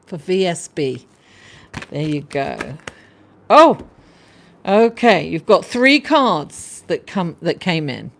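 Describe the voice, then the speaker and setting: A woman's voice: on the low side, huge pitch swings, takes it slowly, gravelly, long pauses. A woman hosting an astrology livestream, chatting casually, laughing often and reading out viewer comments.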